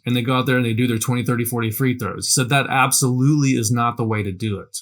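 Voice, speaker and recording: A man's voice: medium pitch, rapid-fire, few pauses, a bit bright. A man giving a casual spoken lesson on practicing tones, talking conversationally, repeating himself and checking in with "right?". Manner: conversational, repeats words, frequent "right?" tags. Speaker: language teacher. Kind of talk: casual instructional talk.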